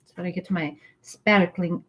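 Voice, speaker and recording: Chatty woman reading calmly aloud. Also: on the low side, a little hiss or hum. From Irish heritage, not accent. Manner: chatty, slows into calm measured reading. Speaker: co-host reading spiritual texts. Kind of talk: casual chat and reading aloud.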